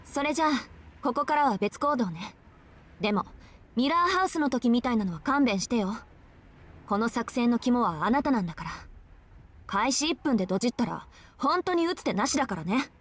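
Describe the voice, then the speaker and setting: An actress voicing a sharp-tongued, bossy young woman in a visual novel, talking in a brisk, scolding way. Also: a little high, animated.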